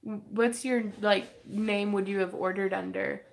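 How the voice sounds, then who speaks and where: A woman's voice: mid-range voice, fairly even intonation, unhurried, creaky. A young woman hosting a casual craft livestream, reading viewer comments and chatting with giggles and fillers. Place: home craft room.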